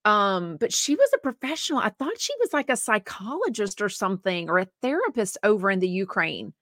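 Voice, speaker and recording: Woman co-host, bright chatty delivery, close dry sound, reads viewer comments. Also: mid-range voice, big pitch swings, fairly quick, dry recording. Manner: chatty, rambling, sympathetic. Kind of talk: casual chat reading viewer comments.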